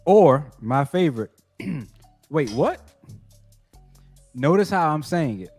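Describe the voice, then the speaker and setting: A man's voice: on the high side, expressive, normal speed, darkish tone, faint music behind. A man co-hosting a casual podcast chat, giving mock-earnest advice in a joking, profane way. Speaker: co-host.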